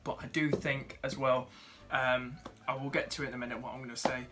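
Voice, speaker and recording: A man's voice: medium pitch, flat delivery, brisk, pushed and bright, faint music behind. A young man, chatting casually as he rates viewers' fantasy football teams, with lots of fillers and friendly asides. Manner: chatty, upbeat, many fillers, calls viewers mate and dude.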